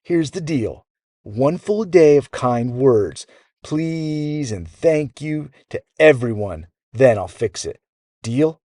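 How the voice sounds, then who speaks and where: A man voicing a cheerful, clever young boy inventor who speaks softly and playfully. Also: mid-range voice, expressive, slow pace, no echo, clean studio sound, voice pushed up. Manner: soft, playful and easygoing.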